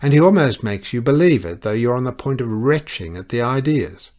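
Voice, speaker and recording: A man's voice: medium pitch, animated, fairly quick, darkish tone, voice pushed up, close to an everyday voice. A man voicing a scornful, bitter young society wife. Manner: cutting, scornful, impassioned.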